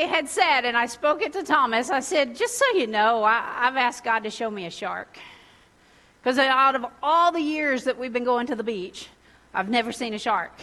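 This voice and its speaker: Woman preacher, high and bright, animated storyteller who laughs often. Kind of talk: sermon with a personal story.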